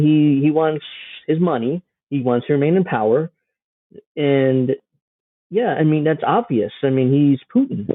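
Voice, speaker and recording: A man's voice: fairly high pitch, no room sound. A man giving casual, sarcastic reaction commentary on a news clip, mocking and swearing freely. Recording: dry, phone-like narrow sound.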